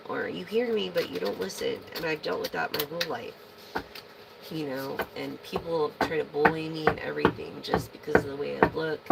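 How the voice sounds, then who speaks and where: A woman's voice: sits low, gravelly, heavy background noise. A woman reading tarot to her viewers in a rambling, casual way, swearing freely as she vents. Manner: rambling, profane venting. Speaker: tarot reader.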